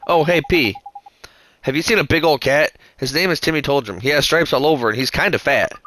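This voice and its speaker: A man voicing an earnest, lonely but hopeful young boy in a gentle way. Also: on the high side, a little fast.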